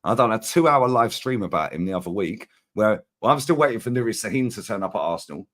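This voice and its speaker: Low-pitched man, animated slangy ranter, co-host of a football chat show. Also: fast.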